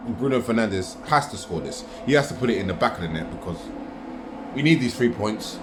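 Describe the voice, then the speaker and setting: A man's voice: lowish voice, expressive, brisk, echoey room, background noise. A man ranting through a live football match reaction, agitated and repeating himself. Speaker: football fan vlogger.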